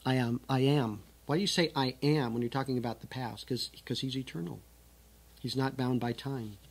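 A man's voice: medium pitch, steady tone, normal speed, gravelly, breathy edge. A man teaching scripture, reading the verses aloud with strong emphasis and then explaining them in a conversational way. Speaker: Bible teacher.

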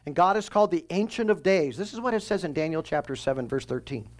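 Speaking quickly with lively intonation, this pastor has a slightly high voice as he works verse by verse through scripture in an expository sermon. He teaches conversationally, posing questions and then answering them himself.

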